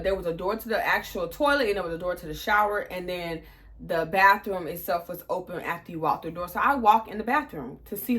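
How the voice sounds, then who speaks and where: A woman in her twenties, a vlogger telling a story casually, swearing and acting out what people said. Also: on the low side. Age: 20s. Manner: animated, profane, acts out quotes.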